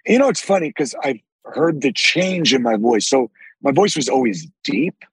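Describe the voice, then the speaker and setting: A man with a deep, raspy voice, telling animated stories with frequent swearing as a podcast guest. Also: normal speed, no echo, rough recording. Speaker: actor guest. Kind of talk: casual podcast interview.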